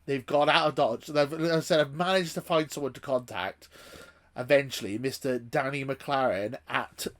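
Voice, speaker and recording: A man's voice: mid-range voice, moderate pace, fairly bright tone. Rambling man ranting to camera. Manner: rambling, with frequent restarts and swearing. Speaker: YouTube channel host. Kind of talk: casual vlog rant.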